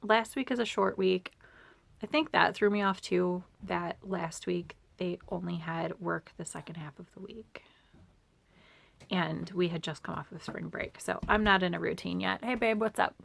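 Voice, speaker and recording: A woman's voice: fairly low pitch, fairly even intonation, moderate pace, vocal fry, a bit bright. A woman chatting casually at home in a vlog, rambling and sometimes dropping to a near-whisper. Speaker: vlogger and homeschooling mom.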